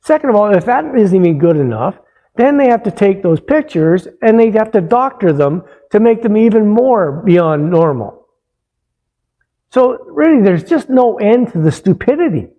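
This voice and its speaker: A man's voice: high voice, sing-song, normal speed. Blunt, profane, ranting man. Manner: blunt, angry, profane, restarts often. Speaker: fitness coach. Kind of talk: ranting monologue. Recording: dull roomy sound with long reverb.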